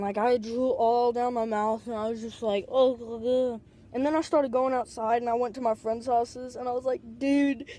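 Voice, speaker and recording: A woman with a slightly high, mellow voice tells a loose, wandering story straight into a tablet. She leans on "like" constantly and swears without a second thought. The sound is close and plain. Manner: rambling, constant "like" fillers, swears freely. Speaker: vlogger. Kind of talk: casual storytelling.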